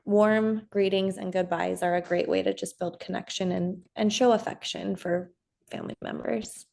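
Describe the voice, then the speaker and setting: Calm, gentle woman therapist. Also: mid-range voice, moderate pace, creaky. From United States. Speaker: therapist, podcast guest. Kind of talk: casual interview chat.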